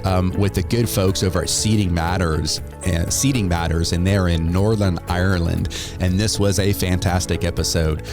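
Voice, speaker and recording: An American man hosting a podcast in casual chat, laughing often and restarting his sentences. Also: deep voice. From United States. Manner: chatty, laughs often, many fillers and restarts. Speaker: podcast host.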